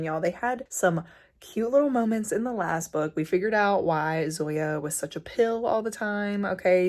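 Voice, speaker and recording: Chatty, excitable woman with a low voice. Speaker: book vlogger. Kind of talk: casual reading vlog chat.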